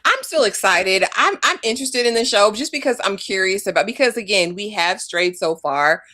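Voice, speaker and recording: A woman hosting a live TV recap show, relaxed and conversational as she trades thoughts and closes things out. Her voice is mid-pitched. The sound is close and dry with no room echo. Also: normal speed. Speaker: host. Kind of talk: casual TV recap chat.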